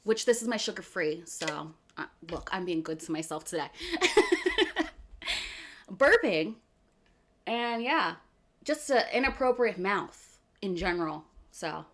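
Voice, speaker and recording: A woman's voice: lowish voice, a little slow. Chatty woman with a Philly accent. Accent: Philadelphia area. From US East Coast, outside Philadelphia. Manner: animated, chatty, laughs often, keeps saying "okay". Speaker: streamer. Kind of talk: casual chat with stream viewers.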